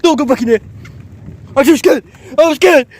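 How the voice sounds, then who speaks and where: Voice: sits high, huge pitch swings, drawn-out words, raised voice, heavy background noise, full character voice. A performer voicing a jittery young cartoon fox who shrieks and keeps repeating how scared it is. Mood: terrified. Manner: shrieking, panicky, repeats itself.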